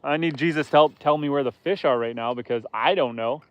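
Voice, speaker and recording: Chatty, clear-voiced man on a lake. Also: mid-range voice, a little fast, dry recording, highs cut off. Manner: chatty, self-deprecating, joking. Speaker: live-stream host. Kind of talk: casual live-stream chat, reading viewer comments. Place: outdoors on a lake, in a boat.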